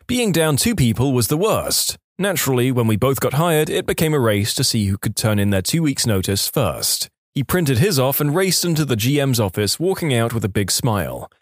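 Lively male story narrator. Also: medium pitch, dry recording, studio quality. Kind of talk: scripted narration of reader stories.

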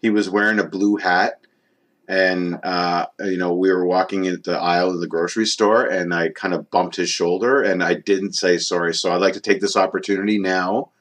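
Canadian male guest, lower register, deadpan rambling comic delivery. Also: normal speed. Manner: deadpan, rambling with many fillers. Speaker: podcast guest. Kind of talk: comic mock apology bit. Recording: ambient room sound.

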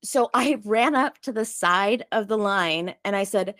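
An animated woman telling a wild story in casual chat, quick and breathless, acting out every line in the tale. Her voice sits at a middle pitch. The sound is dry and close. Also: no room sound. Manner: animated, fast, full of likes, acts out others' lines. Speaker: storyteller guest.

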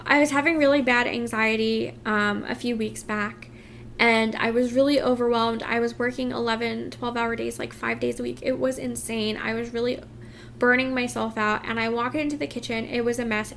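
A woman's voice: on the high side, fairly bright tone, slight background noise. A woman talking in a casual confessional vlog, heartfelt and rambling with many fillers and restarts, emotional and close to tears. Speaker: vlogger.

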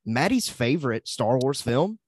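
A young adult man co-hosts a podcast, chatting casually and enthusiastically, rambling and laughing often. His medium-pitched voice swings widely in pitch at a moderate pace, sounding slightly rough, with no echo.

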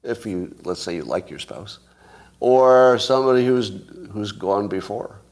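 Low-voiced man musing casually. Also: animated, measured pace, darkish tone. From California. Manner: rambling, musing, joking. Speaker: host. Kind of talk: casual chat with listeners.

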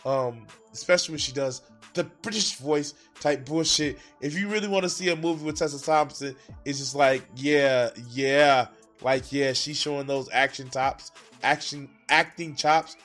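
A man's voice: a little high, normal speed, fairly bright tone, soft background music. A man hosting a reaction video, talking casually with profane, exasperated outbursts.

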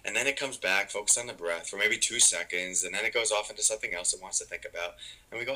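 A man's voice: low-pitched, fast talker, pushed and bright, poor audio. A man, a meditation author and podcast guest, explaining in casual chat and acting out the inner voices of his stories.

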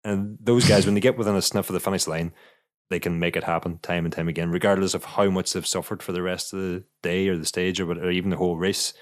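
A man's voice: low voice, steady tone, quick pace, no echo, studio quality. A man and former racer chatting casually as a podcast co-host, often repeating words as he thinks aloud. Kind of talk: casual cycling chat.

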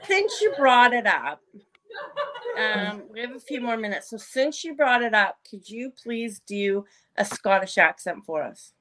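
A woman's voice: on the high side, very animated, measured pace, sharp tone. A woman hosting a casual interview chat, asking teasing questions and giggling. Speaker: host.

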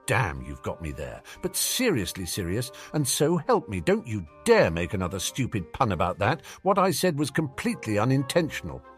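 A man's voice: fairly low pitch, wildly swooping pitch, moderate pace, few pauses, faint music behind. A man voicing a sarcastic, cheeky teenage boy wizard in a storybook reading, teasing and mock-dramatic. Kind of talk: audiobook character reading.

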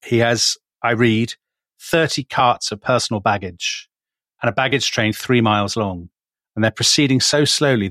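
A man's voice: lowish voice, fairly bright tone, dry recording. A man co-hosting a podcast, telling history in a chatty, teasing way. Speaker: podcast co-host. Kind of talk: casual history chat.

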